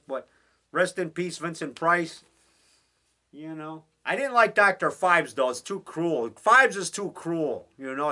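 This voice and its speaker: A man's voice: on the high side, sharp tone. A man hosting a casual home broadcast from his basement, talking on and on with plenty of fillers and restarts. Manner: enthusiastic, rambling, with many fillers and restarts. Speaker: indie horror filmmaker hosting a home broadcast. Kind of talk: rambling casual monologue.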